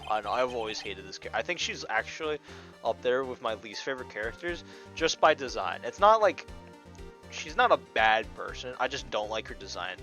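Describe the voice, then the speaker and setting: A man's voice: mid-range voice, sing-song, a little fast, pushed and bright, faint music behind. A young man giving casual game playthrough commentary with crude, irritated asides. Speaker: gamer.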